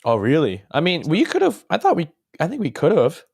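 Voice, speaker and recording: Easygoing man, slightly high voice. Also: huge pitch swings, moderate pace, creaky, darkish tone, slightly rough. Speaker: podcast co-host. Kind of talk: casual chat.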